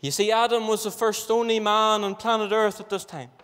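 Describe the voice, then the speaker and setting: A man's voice: high-pitched, fairly even intonation, brisk, a bit bright, smooth. A man with a Northern Irish accent preaching a fervent gospel sermon, stretching out repeated phrases. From Northern Ireland. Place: gospel hall. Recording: reverberant hall.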